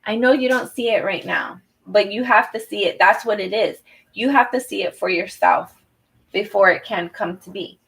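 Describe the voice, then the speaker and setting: Her mid-range voice is gravelly and fairly bright, delivered at a moderate pace on a low-quality recording. This woman gives a personal tarot reading, talking to the viewer in an earnest, encouraging manner full of fillers and restarts.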